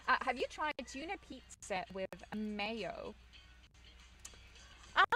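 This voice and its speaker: A woman's voice: fairly high pitch, very animated, unhurried, long pauses, sharp tone, soft background music, poor audio. A woman from England, chatting casually on stream, telling rambling stories and reading chat aloud, full of fillers and restarts.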